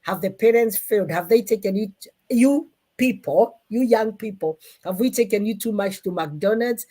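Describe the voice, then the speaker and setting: A woman's voice: a little high, moderate pace. Emphatic Kenyan woman hosting a live show. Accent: Kikuyu Kenyan. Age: middle-aged. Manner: animated, emphatic. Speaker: host. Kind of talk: live-streamed talk show chat.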